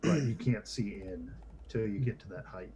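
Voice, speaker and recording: A man playing a tabletop game, chatting in a relaxed way. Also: lowish voice, normal speed, slight background noise. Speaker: player.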